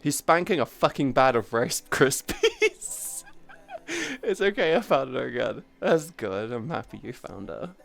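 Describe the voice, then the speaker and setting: A woman's voice: a bass voice, wildly swooping pitch, measured pace, gravelly. A woman streamer in casual livestream chat who laughs often and swears freely as she teases her friends.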